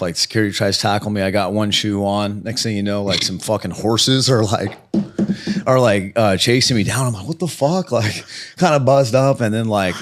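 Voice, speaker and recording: Animated, cursing man telling a story. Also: on the low side. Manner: animated, swearing, acts out voices. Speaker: guest fighter. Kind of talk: storytelling on a podcast.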